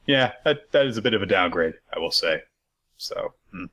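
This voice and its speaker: A man with a fairly low voice runs through a weekly recap in relaxed podcast chat. He rambles, piles on fillers, and swears for laughs. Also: normal speed. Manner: loose and rambling, many fillers, jokey profanity. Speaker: podcast co-host.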